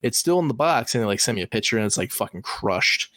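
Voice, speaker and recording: A man's voice: lowish voice, lively intonation, quick pace, a bit bright, dry recording. A man co-hosting a podcast in casual, rambling chat with lots of fillers. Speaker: podcast co-host. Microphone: online call recording.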